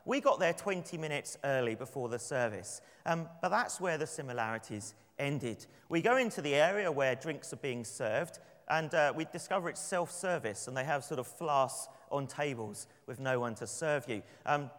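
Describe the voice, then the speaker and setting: English preacher in a reverberant church. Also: male voice, medium pitch, expressive, moderate pace, few pauses, a bit bright. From London. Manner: conversational, anecdotal, with light laughs. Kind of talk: sermon with prayer and storytelling.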